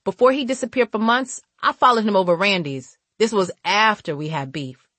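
A woman's voice: medium pitch, moderate pace, fairly bright tone, no room sound, natural voice. A woman reading the part of a suspicious young man who questions insistently in street slang.

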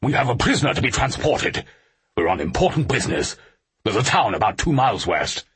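A man's voice: lowish voice, big pitch swings, fairly quick, fairly bright tone, slightly rough, pitched above the performer's own voice, exaggerated voice. A man voicing a self-important male German truck commander in an audiobook, speaking in a curt, commanding way.

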